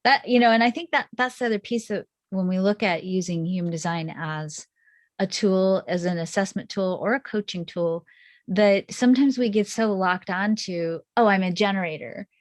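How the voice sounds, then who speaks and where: A woman's voice: medium pitch, moderate pace, no room sound. A woman hosting an interview podcast over a video call, asking questions enthusiastically with frequent restarts and affirmations. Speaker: podcast host.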